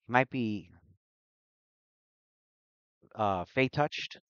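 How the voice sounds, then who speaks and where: A man's voice: fairly low pitch, animated, extremely slow, fairly bright tone, clear, resonant tone, dry recording, lo-fi sound, heavily acted. A man voicing a hyperactive, scatterbrained young woman mage who rambles from one thought to the next. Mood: scattered cheerful.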